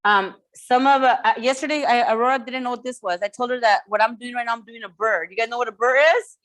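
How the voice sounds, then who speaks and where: A woman coaching real estate agents in a lively training talk, often repeating herself and checking that the room follows. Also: fairly high pitch, fast talker. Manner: energetic, repeats words, asks the room for checks.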